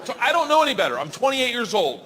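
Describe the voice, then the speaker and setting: A man in his forties telling a stand-up story, animated and yelling his punchlines, on a stage mic. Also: very high voice, fast, a crowd in the background, background noise. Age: 40s. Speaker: stand-up comedian. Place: large comedy venue. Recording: live stage mic with hall reverb and faint ambience.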